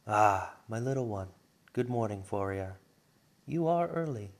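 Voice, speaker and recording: A man's voice: fairly low pitch, a little slow. Man doing a kind old warrior master. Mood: fond. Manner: calm, fond and teasing.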